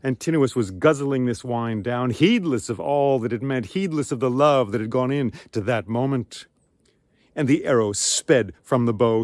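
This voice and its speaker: A man's voice: medium pitch, animated, moderate pace, no room sound, studio quality. A man telling an ancient myth outdoors, with dramatic shifts in pace and volume. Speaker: storyteller. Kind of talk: oral storytelling of myth. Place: outdoors among ruins.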